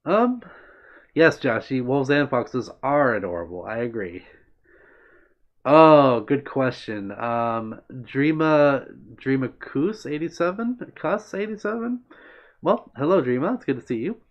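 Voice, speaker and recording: Friendly male streamer reading chat aloud, mid-pitched, casual and rambling, dull lo-fi mic. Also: sing-song, slow. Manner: friendly, meandering, answers chat by name. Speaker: livestream host.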